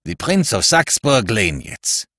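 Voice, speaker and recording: A man's voice: medium pitch, big pitch swings, takes it slowly, pushed and bright, no room sound, clean studio sound, exaggerated voice. Guy doing a stiff formal german count, accent and all, very proper. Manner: stiff and ceremonious.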